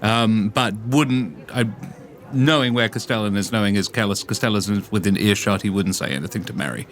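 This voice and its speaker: A man's voice: on the low side, brisk. A man playing in a tabletop role-playing game, speaking casually and stumbling over and repeating his words. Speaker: player.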